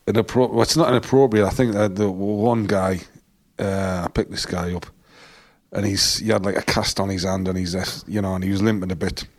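A man's voice: sits low, fairly even intonation, brisk. A man, telling rambling stories in casual podcast chat and swearing freely. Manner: rambling storytelling, swears a lot, acts out quoted people. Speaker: podcast co-host, former taxi driver.

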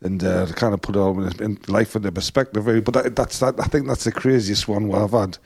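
A man's voice: fairly low pitch, steady tone, quick pace, creaky, darkish tone, breathy edge. A man, telling rambling stories in casual podcast chat and swearing freely. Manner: rambling storytelling, swears a lot, acts out quoted people. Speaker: podcast co-host, former taxi driver.

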